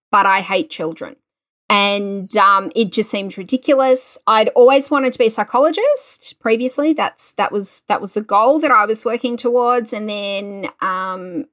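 A woman, a guest telling her story with lively, self-deprecating humor. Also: mid-range voice. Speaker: guest teacher educator. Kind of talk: conversational storytelling.

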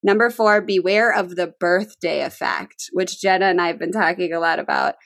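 A woman's voice: lowish voice, normal speed, vocal fry, a bit bright, no echo. A woman co-hosting a podcast, talking earnestly and casually through tips from an article, with frequent ums. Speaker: podcast co-host.

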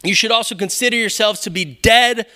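A high-voiced man with a strikingly bright, forceful tone delivers a sermon from the pulpit. He preaches in an animated, conversational way, peppering his points with rhetorical questions to the congregation. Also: a little fast. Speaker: pastor. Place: church sanctuary.

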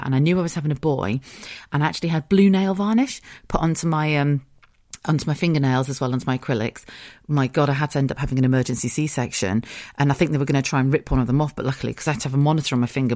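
A woman's voice: low-pitched, a little mellow, no room sound. Chatty woman, dry close sound. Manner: chatty and candid, laughs a lot, swears freely. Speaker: podcast host. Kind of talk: casual solo chat.

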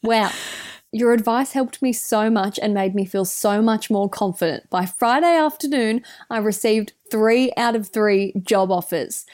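An Australian woman co-hosts a casual podcast. She sounds chatty and upbeat, laughs easily, and her pitch sits at an ordinary middle level for a woman. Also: measured pace, a little mellow. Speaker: podcast co-host. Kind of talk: casual chat.

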